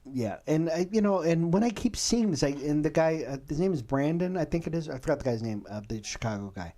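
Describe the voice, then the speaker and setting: A man co-hosting a faith and culture show speaks in a slightly high voice. He chats casually, acting out other people's words and often restarting his sentences. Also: a little fast. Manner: animated, acts out quotes, many restarts. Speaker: co-host. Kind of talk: casual chat about faith and current events.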